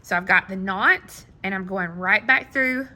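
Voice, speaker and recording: Slow, bright-voiced woman teaching beadwork. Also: medium pitch. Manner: slow, patient, counting beads under her breath. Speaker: beading instructor. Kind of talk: hands-on craft tutorial.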